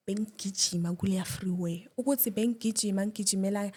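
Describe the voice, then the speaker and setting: A young woman, a guest, telling a personal story with emotion, dropping to a hush at times and restarting her words. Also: mid-range voice, moderate pace. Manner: shifts between loud and hushed, restarts.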